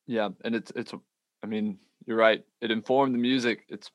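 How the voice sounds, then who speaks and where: A man hosting a podcast, asking loose, relaxed questions in a casual interview. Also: fairly low pitch, moderate pace, no echo, muffled recording. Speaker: podcast host.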